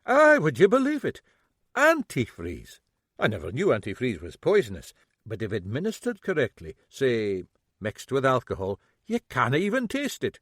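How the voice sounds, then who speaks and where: A male narrator voicing a shrewd middle-aged Scottish detective who toys with a suspect. His Scottish-accented voice moves slowly and needles, with a lively, varied pitch. The sound is close and dry. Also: no echo. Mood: sly. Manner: slow, needling, toying.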